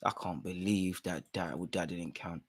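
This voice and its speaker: A man co-hosting a live football watch-along, exasperated and heckling the referee, dropping into mutters and rising to shouts with plenty of street slang. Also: deep voice, fairly even intonation, unhurried, breathy edge. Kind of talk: live match commentary and banter.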